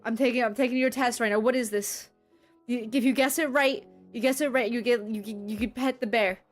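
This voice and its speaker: A woman's voice: on the high side, fairly even intonation, fairly quick, soft background music. A young woman streaming as a VTuber, chatting casually with her viewers, rambling and laughing often. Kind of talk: casual livestream chat, reading and answering chat.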